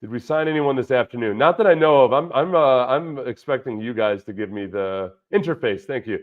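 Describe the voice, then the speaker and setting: A man's voice: medium pitch, a little fast. A man hosting a casual livestream about football, rambling and reacting to viewer chat. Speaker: livestream host, former football player. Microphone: studio dynamic mic through a budget audio interface. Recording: dull lo-fi stream audio with dropouts.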